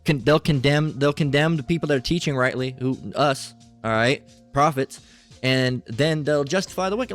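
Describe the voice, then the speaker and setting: A man's voice: a little high, lively intonation, brisk, faint music behind. A man preaching in a loose, informal sermon, blunt and profane, often repeating "all right" as he talks.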